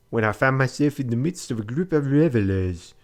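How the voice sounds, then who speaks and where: A man's voice: mid-range voice, natural voice. A man narrating as a polite male traveller in a put-on French accent, in a mannered storybook style.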